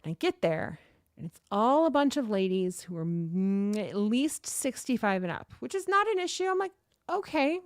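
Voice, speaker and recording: A woman's voice: mid-range voice, moderate pace, no echo, studio quality. A woman in her thirties hosting a livestream, chatting and telling a story casually. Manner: chatty, animated, reads chat aloud. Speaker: livestream host.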